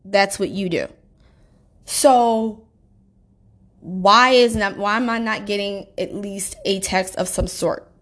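A woman's voice: medium pitch, moderate pace, hardly any pauses, a bit bright. Rambling, indignant woman telling a story. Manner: rambling, full of fillers and restarts; indignant, emphatic complaining. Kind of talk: casual personal storytime.

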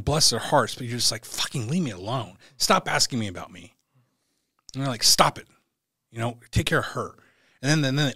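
A man telling a raw personal story in an interview, blunt and halting, swearing as he goes. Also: lowish voice, fairly bright tone, no room sound, studio quality. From United States. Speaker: podcast guest.

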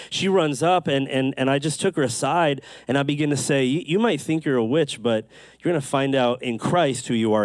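A man preaching a sermon, telling stories with lively acted-out quotes and quick asides. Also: medium pitch, dry recording, clean studio sound. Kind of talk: sermon storytelling.

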